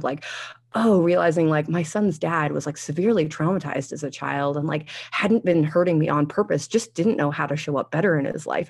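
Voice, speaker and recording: A woman in her thirties telling a candid personal story in conversation, animated, laughing often and acting out her own past thoughts. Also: low-pitched, vocal fry, breathy edge. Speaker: guest sharing a personal story.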